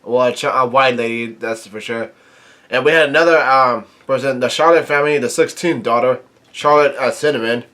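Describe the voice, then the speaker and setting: A man's voice: mid-range voice, bright, forceful tone. A man reviewing a comic chapter, reading each character's lines aloud in his own plain voice and adding his own comments. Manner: halting reading, quotes dialogue without acting it. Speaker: manga reviewer.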